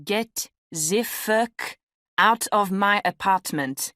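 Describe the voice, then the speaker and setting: Woman doing a raging French flatmate. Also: mid-range voice, very slow, no echo, clean studio sound, voice pushed up. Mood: seething. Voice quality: shouting, spitting with rage. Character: furious asthmatic French man, flatmate.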